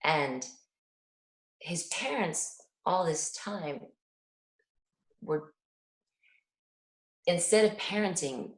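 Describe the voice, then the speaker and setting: Speaking very slowly with long pauses, a middle-aged mother answers an interviewer as a parent guest, her voice on the low side. She tells earnest, animated stories full of acted-out dialogue, in a reverberant, low-quality recording.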